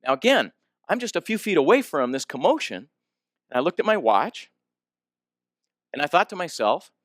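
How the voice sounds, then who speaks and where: Here a fairly high male voice speaks at a moderate pace, with studio quality and no room sound. He's an animated storyteller who quizzes his listeners and plays out the voices of the people in his tale.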